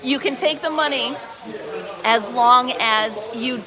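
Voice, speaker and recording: Animated high-voiced woman in a crowd. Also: slow pace. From upstate New York. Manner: animated, exclaiming, acts out quoted dialogue. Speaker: live stream host. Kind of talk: casual storytelling to live viewers. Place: barn market booth. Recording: busy crowd noise behind.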